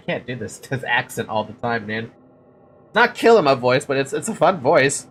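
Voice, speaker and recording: A woman's voice: rumbling low, sing-song, moderate pace, slight background noise. A woman streaming a game, reading its text aloud and joking between lines with giggly, self-deprecating asides. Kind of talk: casual live-stream commentary.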